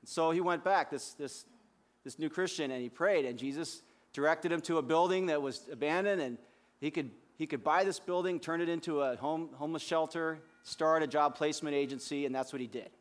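Conversational pastor preaching a sermon. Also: male voice, fairly high pitch, fairly quick. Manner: conversational, with frequent restarts.

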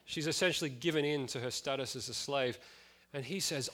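A man's voice: medium pitch, brisk, few pauses, a bit bright. A man in his late thirties preaching a conversational sermon, with frequent fillers and chatty asides.

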